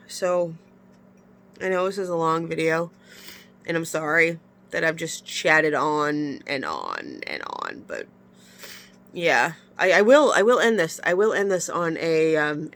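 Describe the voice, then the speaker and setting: A woman's voice: low voice, creaky, fairly bright tone. A woman talking frankly and emotionally in a confessional vlog, sighing often, her nose stuffy from crying. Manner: emotional, frank venting with sighs. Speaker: vlogger.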